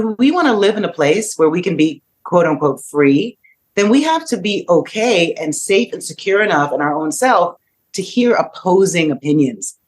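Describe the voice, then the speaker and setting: Reflective woman in her fifties. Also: fairly low pitch. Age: 50s. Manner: reflective, asks rhetorical questions. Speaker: podcast guest. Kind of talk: casual discussion.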